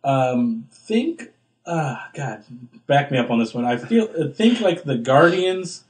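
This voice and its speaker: A young man chatting casually on a podcast, his speech loose and rambling with many fillers and restarts. His voice sits at a middle pitch, and he jumps into excited bursts when he retells a scene. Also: slow pace. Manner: rambling, filler-heavy, acts out quotes with big pitch jumps. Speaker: podcast co-host. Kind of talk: casual chat.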